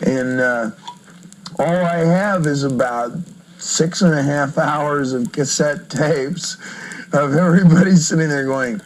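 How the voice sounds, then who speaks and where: This vintage interview record captures a rock singer in a casual conversation, joking as he tells animated stories and laughing often. His voice is on the high side and his pace is measured, and the recording is rough.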